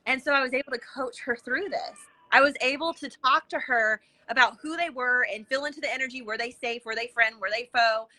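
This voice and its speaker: A woman guest on a podcast, telling animated stories and acting out what people said, with lots of casual fillers. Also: sits high, fairly quick, hardly any pauses, poor audio. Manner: lively, acts out quoted dialogue with many fillers. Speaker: interview guest, intuitive coach. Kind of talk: animated conversational storytelling.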